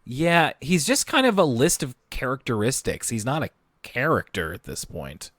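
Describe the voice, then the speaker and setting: A man's voice: medium pitch, huge pitch swings, normal speed, a bit bright, no echo. Rambling man co-host, dry close sound. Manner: agreeable, rambling, with frequent restarts and stammers. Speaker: podcast co-host. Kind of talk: casual chat.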